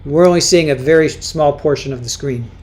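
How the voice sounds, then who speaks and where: A woman's voice, sitting low, brisk and slightly mellow, belongs to a casual livestream host. She reads viewer comments out loud while chatting, often repeating and starting her words over.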